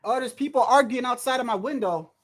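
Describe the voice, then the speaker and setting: A livestream host giving casual, excitable fight commentary from home, full of slang, cursing and restarts. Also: mid-range voice, a little fast. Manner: excitable, loud outbursts, frequent slang and cursing; rambling restarts and repeated words. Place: indoors at home, wind and street heard outside.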